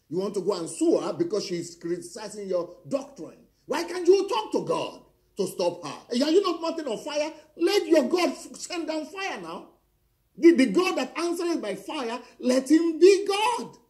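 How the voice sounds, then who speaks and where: A man's voice: high-pitched, a little mellow. A middle-aged man, preaching in a confrontational, declaiming way with pointed rhetorical questions. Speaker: pastor. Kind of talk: fiery preaching monologue.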